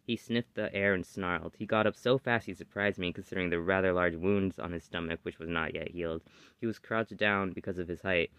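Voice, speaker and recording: A man reading his original story aloud in steady first-person narration. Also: sits low, a little fast, clean tone, no room sound. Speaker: story reader.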